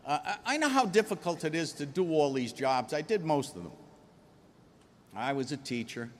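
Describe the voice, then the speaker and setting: Emphatic, folksy union speaker, man with a Rhode Island accent, slightly high voice, recorded in a reverberant hall. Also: expressive, moderate pace, a little hiss or hum. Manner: folksy, emphatic, jokes with the audience. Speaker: union leader addressing a convention. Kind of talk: convention speech.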